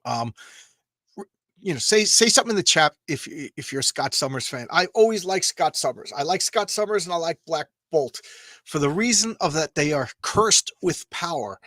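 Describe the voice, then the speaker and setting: A man's voice: a little high, expressive, normal speed, sharp tone, no echo. A man hosting a live comics stream, talking casually in a rambling, emotional way with frequent stammers and restarts. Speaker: comics channel host.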